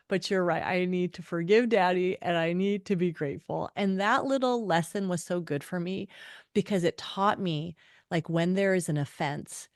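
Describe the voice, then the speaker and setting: A middle-aged woman author, a guest on an interview, telling stories expressively and acting out quotes with big jumps in pitch. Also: moderate pace, no room sound, studio quality. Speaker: author and podcast host, guest. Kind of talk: animated storytelling interview.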